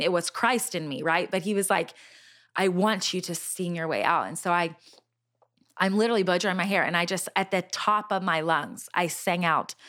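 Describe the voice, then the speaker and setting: Earnest storytelling middle-aged woman. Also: lowish voice. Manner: animated, earnest storytelling with many fillers and restarts. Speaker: Christian singer sharing a testimony. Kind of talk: personal storytelling in conversation.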